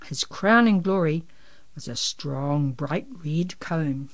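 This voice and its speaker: A woman reading a children's picture book aloud in an expressive, lively storytelling manner. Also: sits low, slow, no room sound.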